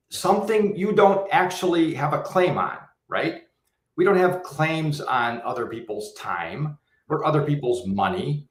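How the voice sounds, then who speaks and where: A man from the US Midwest, a guest on a livestream panel, talking in a measured, articulate way and explaining at length. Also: a little high, reverberant.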